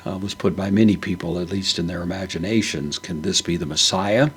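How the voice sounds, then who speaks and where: A man giving a verse-by-verse Bible word study, speaking slowly and deliberately with frequent fillers. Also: low-pitched, steady tone, a little hiss or hum. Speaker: Bible teacher.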